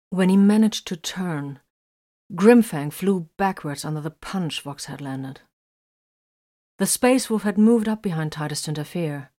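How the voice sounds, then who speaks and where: Low-voiced woman reading a story. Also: darkish tone. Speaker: narrator. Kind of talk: audiobook narration.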